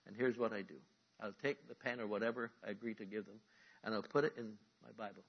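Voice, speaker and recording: A man's voice: lowish voice, quick pace, creaky, slightly rough, muffled recording. A man preaching a sermon, teaching step by step and calling on the congregation to answer him. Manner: animated preaching, calls for audience responses. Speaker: pastor.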